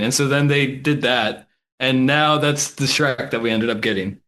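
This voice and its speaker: A man co-hosting a film podcast with a bright, forward voice. He talks loosely and casually, leaning on "like" as he riffs through a discussion. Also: mid-range voice, moderate pace. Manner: loose and chatty, frequent "like". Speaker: podcast co-host. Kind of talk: casual chat.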